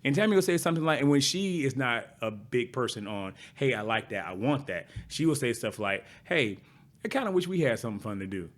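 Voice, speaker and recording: A relaxed middle-aged man chats casually as a podcast co-host. His voice sits at an average pitch for a man, and he often adds short agreeing asides. He keeps an easy, unhurried conversational tone. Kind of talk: casual chat.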